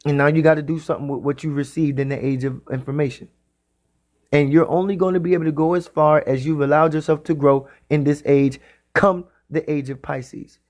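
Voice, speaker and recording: A man giving a spiritual talk in the style of a sermon. He speaks emphatically and repeats his phrases, sometimes drawing them out slowly. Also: a little high, steady tone, darkish tone. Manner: repetitive, emphatic, drawn-out phrasing. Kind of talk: preaching monologue.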